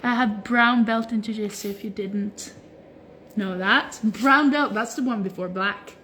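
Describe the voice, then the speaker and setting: A young woman hosts an informal livestream on her phone from home, stretching and replying to viewer comments in a relaxed, talkative manner full of "like" fillers. Her medium-pitched voice is unhurried, with slight noise in the background.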